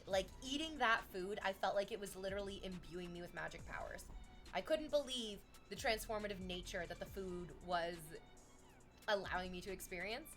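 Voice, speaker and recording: A young Canadian woman chatting casually on a livestream, telling stories in an animated way and swearing often. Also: medium pitch. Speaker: streamer chatting with chat.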